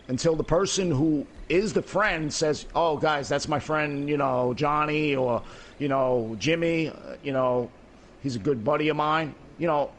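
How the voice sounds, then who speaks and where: A man's voice: fairly high pitch, slight background noise. A middle-aged man in casual voice chat while gaming, rambling and swearing, peppering his talk with "you know what I mean". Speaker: gamer in voice chat.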